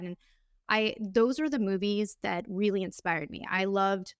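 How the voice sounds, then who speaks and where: A woman in her thirties talks alone into a close podcast mic, earnest and candid and ready to show her feelings. Her voice sits at an ordinary middle pitch. The room adds no echo, so the sound is dry and close. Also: unhurried, smooth. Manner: earnest, candid, openly emotional storytelling. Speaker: podcast host. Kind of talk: solo podcast monologue.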